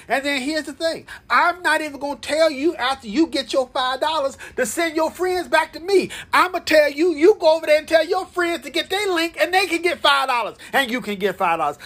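A man hosting his podcast, talking through his announcements in a casual, playful way and calling on listeners to say lines back to him. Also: very high-pitched. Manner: animated, call-and-response, playful. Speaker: podcast host. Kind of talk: casual promotional monologue.

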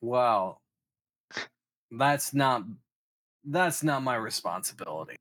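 A man's voice: medium pitch, expressive, slow pace, a bit bright, no echo. A man voicing an impatient tenant who lectures others on rules. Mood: lecturing.

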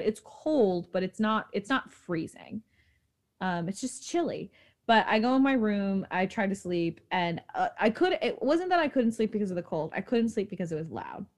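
A young woman from New York talks quickly and tells her story with animated energy. She co-hosts a casual chat podcast. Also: mid-range voice. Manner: fast-talking, animated storyteller. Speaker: podcast co-host.

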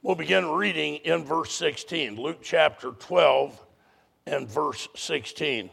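Older male pastor, folksy and blunt from the pulpit, with a heavy rasp and a husky tone. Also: fairly high pitch, slow, a bit bright. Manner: folksy, blunt, emphatic preaching. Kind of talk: sermon.

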